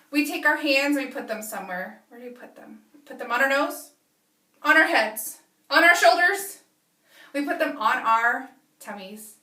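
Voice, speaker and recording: A woman teacher reading a picture book aloud to young children, stopping often to ask them animated questions. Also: high-pitched, far from the mic. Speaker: preschool teacher. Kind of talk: children's story read-aloud lesson. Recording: echoey room, away from mic.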